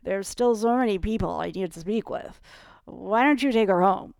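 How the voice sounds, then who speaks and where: A woman voicing a drunk, cheating husband who talks in a slow, offhand, sputtering way. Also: mid-range voice, gravelly, a little mellow, clean tone, dry recording, voice pushed up, close to an everyday voice. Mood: dismissive. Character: drunk, cheating husband, dismissive adult man.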